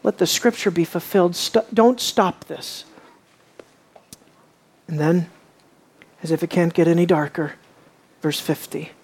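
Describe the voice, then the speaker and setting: A man preaching a sermon, asking his listeners questions and dropping low and quiet on key lines. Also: measured pace, pauses often, slightly rough. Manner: asks the audience questions.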